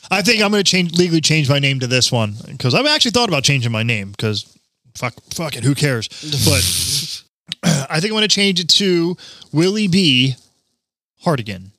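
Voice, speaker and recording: A man's voice: fairly high pitch, sing-song, moderate pace, bright, forceful tone, no room sound. A man co-hosting a podcast in casual crude banter, joking, laughing often and stumbling over words. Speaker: podcast co-host.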